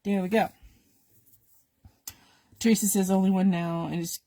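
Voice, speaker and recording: A woman's voice: medium pitch, fairly even intonation, moderate pace, dark tone, dry recording, clean studio sound. A woman who is losing her voice, chatting to viewers while she demonstrates a craft on a live stream. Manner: talks to viewers while she works, with little asides.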